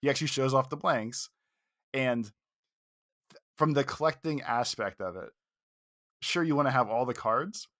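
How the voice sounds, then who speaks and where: A man with an average-pitched voice rambles wryly as he co-hosts a casual reaction show. He is close to the mic and the sound is dry. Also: moderate pace, long pauses, a bit bright, no room sound. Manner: rambling, wry, acts out quotes. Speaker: podcast co-host.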